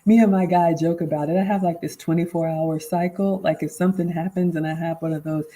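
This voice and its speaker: A woman's voice: fairly low pitch, steady tone, a little fast, warm tone, low-quality recording. A woman in her forties hosting a casual live Q&A, reading viewer comments aloud and answering them conversationally. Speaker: livestream host and life coach.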